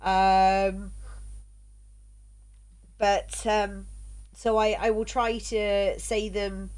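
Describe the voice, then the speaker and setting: Slow, chatty woman streamer. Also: medium pitch, level tone, a little mellow. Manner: chatty, halting, trips over words and laughs. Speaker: game streamer. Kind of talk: casual chat with stream viewers.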